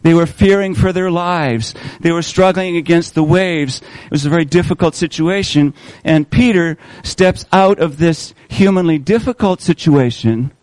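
A man preaching a sermon, asking his listeners questions and slowing down on key words to stress them. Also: on the high side, darkish tone, no room sound, poor audio. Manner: asks the congregation questions, slows for emphasis.

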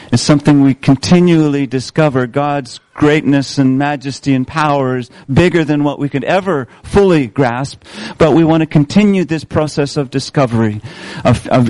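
Man, pastor, sermon, measured emphatic delivery, dry close sound. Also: mid-range voice, darkish tone, dry recording, low-quality recording. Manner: measured, emphatic repetition of key phrases. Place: church service.

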